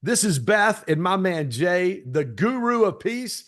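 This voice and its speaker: Animated podcast host man. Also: high-pitched, unhurried. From Detroit. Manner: animated storyteller, acts out quoted lines. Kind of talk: casual interview chat.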